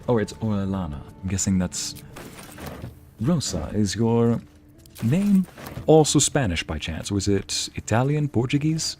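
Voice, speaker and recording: A man's voice: on the low side, animated, extremely slow, long pauses, darkish tone, faint music behind. A man streaming a game, chatting casually and musing aloud as he reads out messages from his chat.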